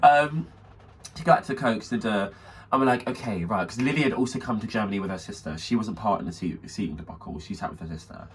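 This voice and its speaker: Male podcast co-host, rapid animated storyteller, light hiss behind. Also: fairly low pitch, distant mic. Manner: animated storyteller, quoting friends in shifting voices, swearing freely. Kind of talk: casual storytelling chat.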